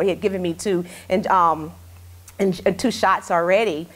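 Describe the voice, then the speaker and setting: A woman's voice: fairly low pitch, fairly even intonation, normal speed. Candid woman telling a heartfelt story. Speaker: talk show host interviewed as guest. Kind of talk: casual interview storytelling.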